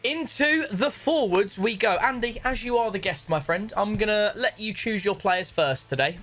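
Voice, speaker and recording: A man's voice: high voice, animated, moderate pace, a bit bright, soft background music. A man hosting a casual football video game chat, jokey and calling his guest "mate". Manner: chatty, jokey, says "mate" a lot. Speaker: gaming channel host.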